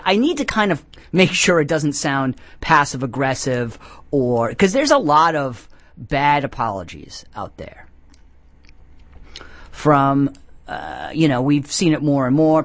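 A sarcastic man riffing loosely on a comedy podcast, his voice sitting a touch higher than most men's. The recording is dry and close, with no room sound around him. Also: a bit bright, no room sound. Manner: rambling, sarcastic, jokey asides. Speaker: podcast host. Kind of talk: comedic casual talk.

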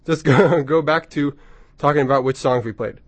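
A man working as a radio DJ in a studio, chatting casually and excitably between songs, rambling with lots of ums. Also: on the high side, no echo. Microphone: studio microphone.

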